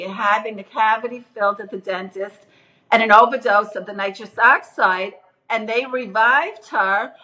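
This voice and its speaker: On a rough recording, a middle-aged woman with a sharp tone tells of her near-death experience in earnest, casual testimony. She performs the voices she quotes, leaping widely in pitch.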